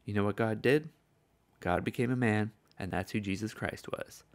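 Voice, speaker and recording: A man's voice: on the low side, normal speed. An older man from the States, preaching a sermon in an earnest storytelling manner. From southern United States. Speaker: evangelist preacher.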